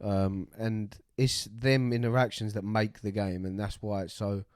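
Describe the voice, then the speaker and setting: A man's voice: lowish voice, little pitch movement, a little slow, clean tone, no room sound, studio quality. Man telling a gaming story. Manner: swears freely, acts out quoted voices. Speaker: podcast co-host. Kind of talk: casual chat, storytelling.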